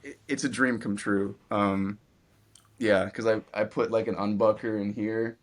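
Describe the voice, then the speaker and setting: A man's voice: lowish voice, unhurried. Young man rambling casually about his gear. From Virginia, US. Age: 20s. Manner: relaxed, rambling with many "like" fillers. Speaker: guest guitarist. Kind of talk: casual interview chat.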